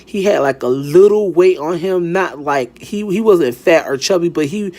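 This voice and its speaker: Young man, slightly high voice, sassy, dramatic, casual storytime. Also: moderate pace. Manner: sassy, dramatic, animated retelling with swearing.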